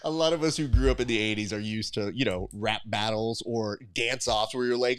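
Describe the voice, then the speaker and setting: Animated storytelling man hosting. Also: on the low side, brisk, hardly any pauses, smooth, no room sound, studio quality. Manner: animated storyteller who acts out quotes. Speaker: podcast host. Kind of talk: casual chat.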